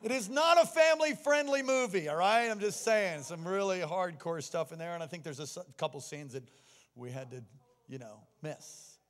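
High-voiced pastor preaching in a reverberant hall. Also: male voice, normal speed. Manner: personal storytelling that swings from quiet to exhorting. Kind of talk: sermon. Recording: long reverb of a large hall.

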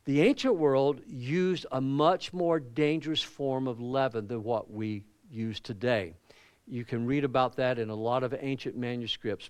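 A man's voice: medium pitch, clear, resonant tone, no room sound. A man preaching a sermon as pastor, telling stories and acting out the people in them. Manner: storytelling preacher, animated, acts out quoted people. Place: church.

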